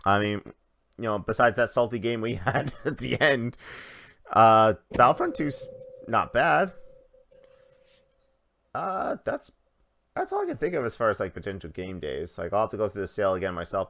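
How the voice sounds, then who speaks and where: Low-voiced easygoing gaming podcast host. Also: male voice, fairly bright tone. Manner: easygoing, many filler "uh"s. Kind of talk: casual gaming podcast chat.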